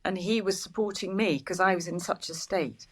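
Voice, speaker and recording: A woman in her sixties, a podcast guest, speaking candidly and haltingly while close to tears. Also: lowish voice. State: tearful. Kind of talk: interview.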